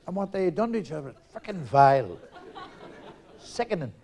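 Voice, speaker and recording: A man's voice: on the high side, big pitch swings, creaky, darkish tone, some chatter behind. A man, doing live stand-up comedy, rattling off jokes one after another and laughing at his own punchlines. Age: 60s. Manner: rapid-fire joke telling, laughs at his own punchlines.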